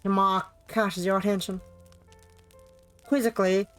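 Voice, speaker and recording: A woman's voice: deep voice, steady tone, moderate pace, faint music behind. A woman streamer reading a visual novel aloud, stumbling over words with self-mocking asides.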